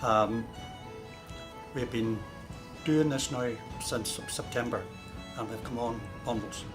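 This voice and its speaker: A man's voice: medium pitch, slow, music in the background. Earnest man praising his class. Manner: earnest, repeats words. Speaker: adult class learner.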